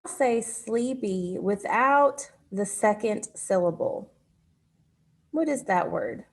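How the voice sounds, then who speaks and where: A woman teaching a phonics lesson to children, speaking patiently and pausing for their answers. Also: medium pitch, expressive.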